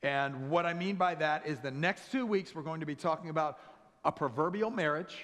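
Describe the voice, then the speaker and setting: A man's voice: fairly high pitch, fairly quick, fairly bright tone. A male pastor preaching a sermon with humor, acting out everyday dialogue as he tells stories. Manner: humorous storytelling, acts out dialogue. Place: church sanctuary. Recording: long church hall reverb.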